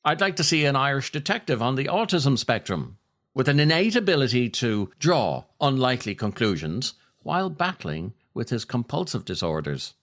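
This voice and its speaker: A man hosting a podcast and reading his own essays aloud, unhurried and reflective, with a wry, dry humor. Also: mid-range voice, big pitch swings, fairly bright tone. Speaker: podcast host.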